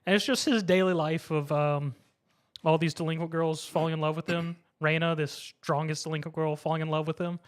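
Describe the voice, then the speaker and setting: A man recapping an anime episode in casual chat, lively and quick to laugh, acting out the characters' lines. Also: fairly high pitch, clear, resonant tone. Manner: animated retelling, acts out characters' lines, laughs often. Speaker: podcast co-host.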